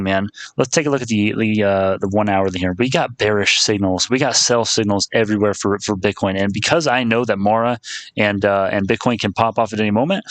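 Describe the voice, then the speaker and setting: A man's voice: on the low side, fairly bright tone, dry recording. A young man chatting casually on a live stream about stocks, rambling, restarting his phrases and calling viewers "my friend".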